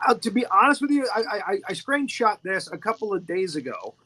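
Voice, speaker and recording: A man's voice: sits high, sing-song, fairly quick, pushed and bright, poor audio. A man hosting a casual movie discussion who rambles, repeats words and laughs often. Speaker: host.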